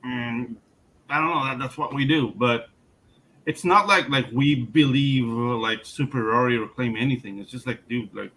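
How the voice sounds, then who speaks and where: A man's voice: mid-range voice, moderate pace, fairly bright tone, poor audio. A man, chatting in a laid-back way full of "like" and "dude". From Panama. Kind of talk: casual chat.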